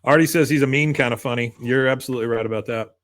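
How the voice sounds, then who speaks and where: A man co-hosting a podcast, casually recapping an episode and acting out characters' lines in a higher voice. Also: very fast, a bit bright. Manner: retells scenes, acting out lines with raised pitch. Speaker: podcast co-host.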